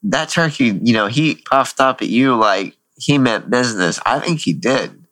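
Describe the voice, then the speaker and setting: A man's voice: medium pitch, animated, measured pace, a bit bright, dry recording, poor audio. A man co-hosting a casual chat, chiming in with encouraging short replies. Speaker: podcast co-host.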